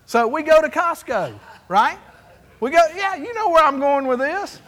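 High, bright preacher in a hall. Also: male voice, a little slow, a faint crowd. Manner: storytelling, animated, acts out dialogue. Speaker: pastor. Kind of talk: sermon. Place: church sanctuary. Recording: long hall reverb.

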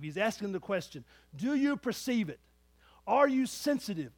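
High-voiced man preaching with big swings. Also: no echo. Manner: dynamic preaching, swinging between loud emphasis and hushed asides. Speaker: pastor. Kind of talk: sermon.

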